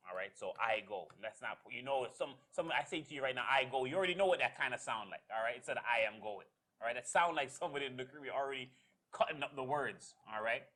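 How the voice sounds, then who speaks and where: A man leading a church Bible study, explaining passages slowly and checking in with "all right?" as he goes. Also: mid-range voice, expressive, sharp tone.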